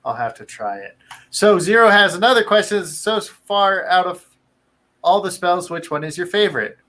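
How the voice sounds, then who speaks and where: Bright-voiced upbeat man hosting. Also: high-pitched, expressive, moderate pace. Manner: upbeat, laughs easily. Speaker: podcast host. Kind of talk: casual interview.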